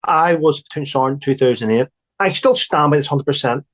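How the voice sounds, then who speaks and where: A man's voice: a little high, a little fast. A man, an army veteran, recounting war stories bluntly and emphatically, swearing and restarting.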